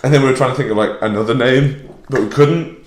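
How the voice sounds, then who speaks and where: A man's voice: medium pitch, fast talker. A young man with a North West English accent, a comedian guest chatting casually on a podcast, rambling and laid-back, drinking whiskey as he talks. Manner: rambling and laid-back, full of "like", laughs often. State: drinking whiskey while talking. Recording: roomy echoey room.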